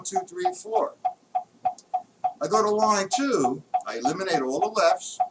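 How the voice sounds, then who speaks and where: A man's voice: fairly high pitch, heavy background noise. A man teaching a live drum lesson, counting beats aloud as he demonstrates strokes. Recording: distant mic, loud drumming and clicks.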